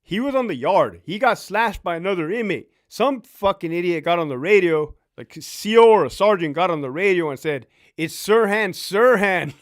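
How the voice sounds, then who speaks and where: High-voiced profane storytelling man. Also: a little fast, few pauses. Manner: profane, laughing, animated storyteller. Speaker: former prison officer live-streaming. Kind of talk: casual storytelling live stream.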